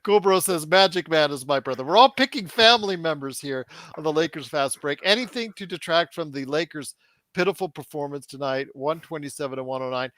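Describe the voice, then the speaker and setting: A man's voice: a little high, fairly quick, fairly bright tone, no room sound. A man hosting a casual sports talk podcast, teasing his co-hosts and repeating running gags. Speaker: podcast host.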